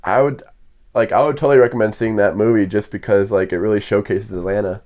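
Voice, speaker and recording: Young guy guesting on a podcast, kinda low voice, chill and chatty, lots of likes. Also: fairly even intonation, fast talker, darkish tone. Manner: easygoing, chatty, filler-heavy. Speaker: podcast guest, film set worker. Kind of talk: casual conversation.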